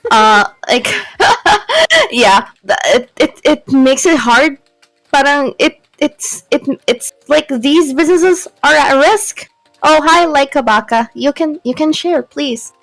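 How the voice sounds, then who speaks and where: A woman's voice: high-pitched, lively intonation, fairly bright tone, no echo, rough recording. A young Filipino woman talks with a co-host on a stream, in casual chat that switches between English and Tagalog. She stumbles, repeats words and breaks off, with a dry, close sound and faint music underneath. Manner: halting, repeats words, emotional.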